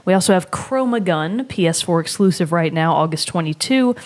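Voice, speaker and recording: A woman co-hosting a gaming podcast in casual chat, animated, laughing often and mimicking other players' voices. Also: on the low side, fairly quick. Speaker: podcast co-host.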